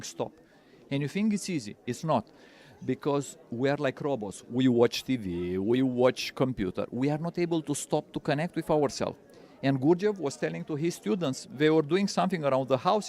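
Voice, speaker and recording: A man's voice: medium pitch, creaky, a little mellow. Guy teaching spiritual stuff, earnest, keeps repeating words. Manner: earnest, repeats words, non-native phrasing. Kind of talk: interview answers.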